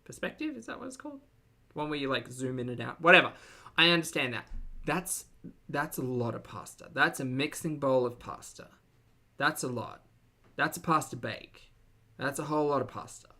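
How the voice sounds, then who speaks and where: A woman's voice: very deep voice, lively intonation, normal speed, bright, forceful tone. A woman streamer reacting to videos with sarcastic, mocking commentary.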